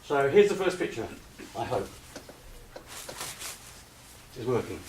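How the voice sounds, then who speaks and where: A man giving a slide presentation to an audience, hesitant with many ums, relaxed and gently humorous. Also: medium pitch, fairly quick. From United Kingdom. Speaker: lecturer. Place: retreat lecture room with audience. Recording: roomy echo, distant mic, faint hiss.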